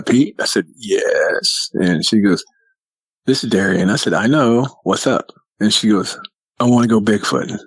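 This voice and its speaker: A man telling a personal story as a guest, lively and acting out what people said. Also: fairly low pitch, breathy edge, dry recording, low-quality recording. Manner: animated storyteller who acts out quotes. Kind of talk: casual storytelling.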